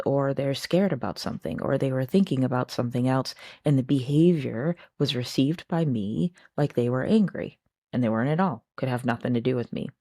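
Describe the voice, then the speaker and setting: A woman's voice: rumbling low, warm tone, dry recording, clean studio sound. A woman hosting her own channel, talking casually and reflectively to her viewers and often asking them rhetorical questions. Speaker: host. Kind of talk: casual personal talk to camera.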